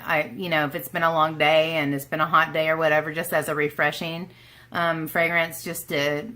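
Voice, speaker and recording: A woman with an Oklahoma twang talks to her viewers in a loose, rambling way, full of asides and self-deprecating jokes. Her voice sits a little low but has a bright, forward edge. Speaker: beauty vlogger. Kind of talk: casual chat to camera.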